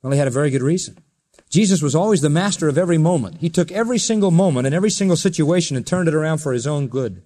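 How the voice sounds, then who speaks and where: A man preaching a sermon, telling the story with emphasis and swinging between loud and soft passages. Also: a little high, lively intonation, rapid-fire. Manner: storytelling, emphatic, rises and drops in volume. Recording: long reverb of a large hall.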